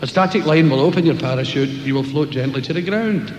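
A man voicing a calm parachute instructor, brisk and reassuring. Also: a little high, slight background noise, close to an everyday voice. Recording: echoey hall, live venue.

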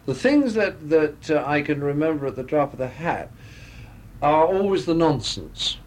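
Chatty man, slightly high voice. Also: very animated, normal speed. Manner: chatty anecdotal storyteller. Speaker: guest. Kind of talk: radio interview conversation. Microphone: studio microphones.

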